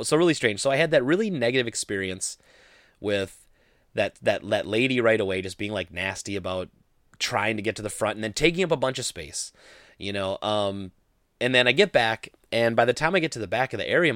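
A young man vlogging, telling a story in a rambling, animated way full of "like" fillers. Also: mid-range voice, no room sound, clean studio sound. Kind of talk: casual storytelling to camera.

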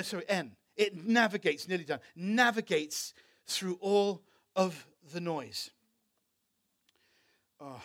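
Male pastor, high voice, fervent sermon delivery that swells loud, repeats himself and restarts lines. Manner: impassioned, building to loud emphatic preaching; repeats words and restarts phrases.

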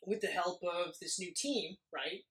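A man's voice: sits high, fairly bright tone. A man co-hosting a podcast, chatting casually and jokingly about a movie, rambling and laughing often. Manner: jokey, rambling, quick to laugh. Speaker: podcast co-host. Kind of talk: casual movie review chat. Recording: echoey room.

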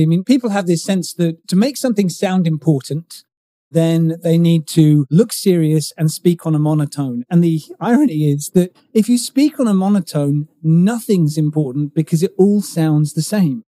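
Male guest, middle-aged, very dark mellow voice, slightly high, dry sound, expressive and explanatory. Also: no echo. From United Kingdom. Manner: expressive, explanatory, emphatic on key words. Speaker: guest, communication coach. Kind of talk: conversational interview.

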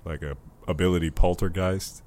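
A laid-back man chatting about an anime with friends, adding dry, sometimes profane remarks. His voice is very low. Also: steady tone, moderate pace, a crowd in the background. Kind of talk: casual anime discussion chat.

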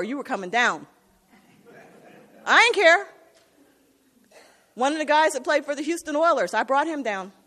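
A woman's voice: sits high, a bit bright. A woman preacher delivering an impassioned sermon, asking her congregation "Amen?" as she goes. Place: church. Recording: long reverb of a hall.

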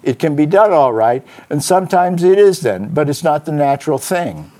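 Man reading hoarse hard-boiled detective, clipped and forceful, warm low timbre. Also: unhurried, close to an everyday voice. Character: hard-boiled male detective, bitter and cornered.

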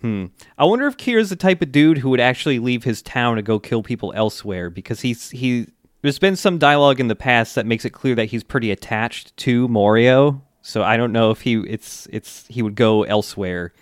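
A man's voice: mid-range voice, lively intonation, fairly quick, no echo, studio quality. A man co-hosting a casual podcast, recapping an anime in a laid-back way, laughing often and leaning on loose fillers. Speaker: podcast co-host.

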